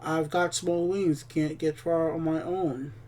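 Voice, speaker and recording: A man's voice: a little high, flat delivery, slow, darkish tone, far from the mic. A man voicing a tiny, friendly, impatient green male sprite with a chirpy voice, reading it aloud in a game. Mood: eager.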